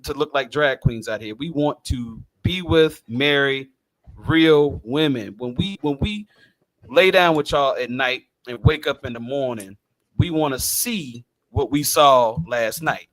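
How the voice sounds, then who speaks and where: A man hosting a casual podcast, telling stories in an animated way and laughing often. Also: mid-range voice, unhurried, dry recording. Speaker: podcast host.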